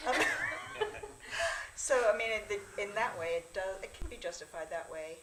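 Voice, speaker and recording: A woman's voice: mid-range voice, quick pace, very noisy. A woman on a city council speaking earnestly and laughing often. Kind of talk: council work session discussion. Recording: echoey meeting room.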